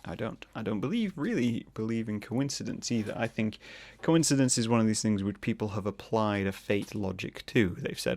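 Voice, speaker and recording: A man hosting a solo podcast, rambling and joking, often slipping into quick put-on voices. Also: on the low side, a little mellow. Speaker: podcast host.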